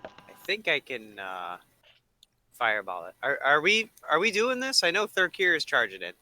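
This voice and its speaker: A man's voice: mid-range voice, big pitch swings, normal speed, pushed and bright, rough recording. A man playing a tabletop game, hesitant as he checks rules and plans a move. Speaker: player. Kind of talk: casual tabletop game chat.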